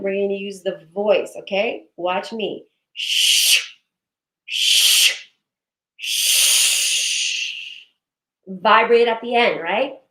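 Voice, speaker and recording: A woman leading a guided breathing and movement session, giving slow, soothing cues and affirmations. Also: mid-range voice. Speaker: breathwork and wellness instructor. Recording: echoey room.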